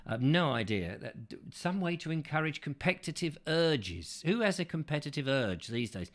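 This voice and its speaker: A man's voice: a little high, very animated, normal speed. A man hosting a casual chat show, reading viewer comments and rambling with jokes and asides. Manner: rambling, joking, full of asides. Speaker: host.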